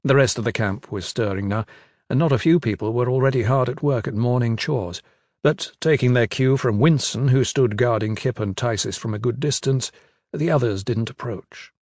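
Guy reading a fantasy audiobook, mid pitch, measured, super dry close mic. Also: darkish tone, no echo. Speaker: audiobook narrator. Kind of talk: scripted fantasy narration.

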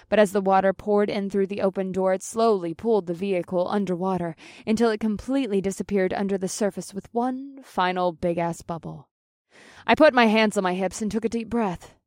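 A woman's voice: mid-range voice, no room sound, studio quality. Woman reading a first-person thriller. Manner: plain-spoken, casually profane. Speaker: audiobook narrator. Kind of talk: first-person audiobook narration.

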